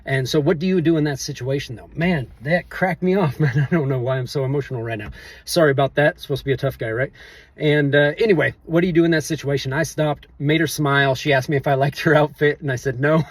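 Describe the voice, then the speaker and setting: A man's voice: on the high side, fast talker, breathy edge, no room sound. A middle-aged man vlogging, telling a story in a rambling, offhand way full of loose filler phrases. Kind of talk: casual storytelling to camera. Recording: voice a bit distant from the mic.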